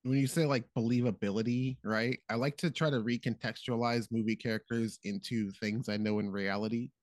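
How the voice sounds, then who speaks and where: A man's voice: mid-range voice, brisk, no echo. A man in casual podcast chat, swearing freely and jumping into funny voices to act out scenes. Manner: profane, animated, acts out characters in funny voices.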